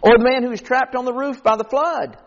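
A man's voice: extremely high pitch, steady tone, a little fast. A man preaching a sermon in an earnest, folksy way, telling illustrative stories. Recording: echoey hall, dull lo-fi recording.

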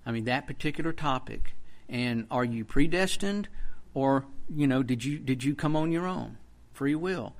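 A man preaching a sermon in an earnest way, with emphatic bursts that rise in force. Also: a little high. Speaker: pastor.

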